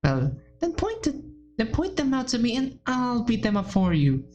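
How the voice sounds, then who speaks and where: A woman's voice: on the high side, sing-song, moderate pace, dark tone, lo-fi sound, a little hiss or hum, pitched above the performer's own voice. A woman voicing a blunt, fiery, protective small teenage girl in a visual novel game. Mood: indignant. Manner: brash, protective.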